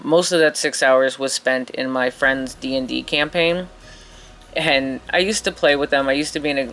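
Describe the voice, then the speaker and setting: A woman's voice: a bass voice, fairly bright tone. A woman chatting casually as she paints, rambling and self-mocking in her asides. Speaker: painting vlogger. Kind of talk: casual chat while painting.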